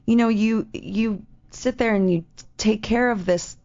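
A woman chatting casually in an animated, rambling way, often laughing as she talks. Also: on the high side, unhurried. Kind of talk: casual chat. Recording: dull lo-fi sound.

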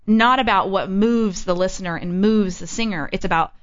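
Chatty Texan woman, smooth voice. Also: medium pitch, moderate pace, dry recording, highs cut off. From Texas. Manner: chatty and animated, bursts into song demonstrations. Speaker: singer, interview guest. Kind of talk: casual interview chat.

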